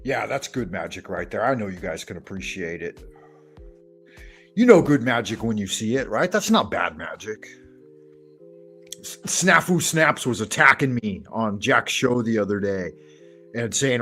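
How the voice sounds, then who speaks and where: A man's voice: mid-range voice, expressive, moderate pace, long pauses, a bit bright, husky, faint music behind. A man hosting a livestream, chatting casually with viewers in crude, profane banter. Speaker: livestream host.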